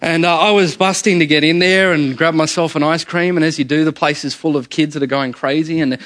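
A middle-aged man preaching a sermon as pastor, telling stories with animated energy, often repeating words and calling his listeners guys. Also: fairly high pitch, brisk.

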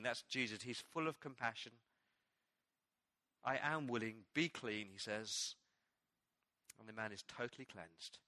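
A man preaching a sermon as pastor, telling a Bible story with animated storytelling and acting out the quoted lines. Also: mid-range voice, no room sound. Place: church.

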